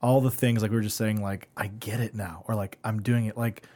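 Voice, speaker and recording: A man in his thirties chatting casually, animated, swearing freely and laughing through his stories. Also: on the low side, brisk. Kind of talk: casual chat.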